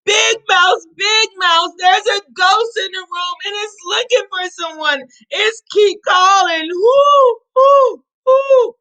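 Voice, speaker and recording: A woman's voice: very high-pitched, animated, takes it slowly, voice pushed up, heavily acted, low-quality recording. A woman voicing a small scared boy mouse who pleads with his big brother, in a children's storybook read-aloud. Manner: anxious, calling out loudly.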